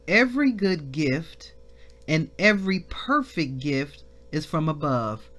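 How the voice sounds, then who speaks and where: A woman leading a devotional Bible lesson, reading scripture slowly and breaking into shouts of praise. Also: sits low, very animated. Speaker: minister.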